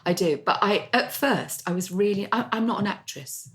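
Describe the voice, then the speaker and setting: A woman's voice: mid-range voice, animated, normal speed, fairly bright tone. A woman novelist co-hosting a casual chat, chatty and self-deprecating, with rambling asides. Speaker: podcast co-host, novelist.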